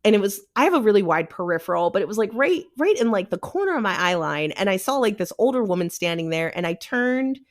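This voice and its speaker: A woman with a mid-range voice talks casually as a podcast guest. She is a paranormal investigator, animated and loose, swearing freely and slipping into voices when she quotes people. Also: mid-range voice, fast talker, few pauses.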